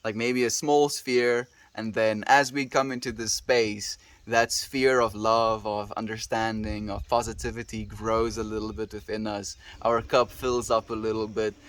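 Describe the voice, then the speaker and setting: A man's voice: fairly low pitch, little pitch movement, unhurried, hardly any pauses, a bit bright, no echo. A man livestreaming, chatting with his viewers in an earnest, affectionate, reflective way. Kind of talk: casual chat with live viewers.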